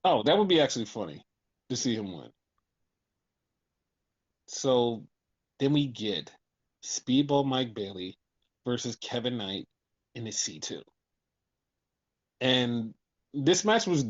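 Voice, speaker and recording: A man hosting a casual podcast and recapping wrestling shows, animated and profane, acting out what people said. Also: mid-range voice, lo-fi sound. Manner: animated, profane, acts out quotes. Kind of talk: casual chat.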